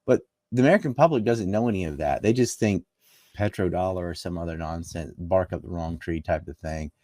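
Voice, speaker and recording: A man's voice: deep voice, fairly quick, darkish tone, dry recording, clean studio sound. A man from North Carolina, a political commentator in a conversational interview, talking emphatically and firing off rhetorical questions.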